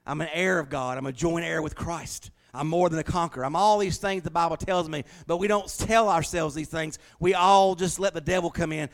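A man's voice: fairly high pitch, brisk. Folksy preacher man. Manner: folksy storytelling, shifting from hushed to shouting. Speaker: pastor. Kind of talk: sermon.

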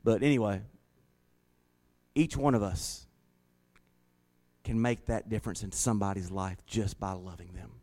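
A man's voice: fairly low pitch, a little mellow. Folksy preacher man telling a story. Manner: folksy, slows down for emphasis. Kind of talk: sermon storytelling.

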